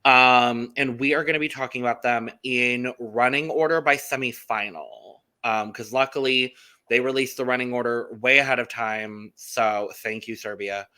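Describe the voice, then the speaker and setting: Podcast co-host, man, bright clear voice, chatty and upbeat. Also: medium pitch, fairly even intonation, moderate pace. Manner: chatty, upbeat, frequent ums. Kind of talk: casual podcast chat.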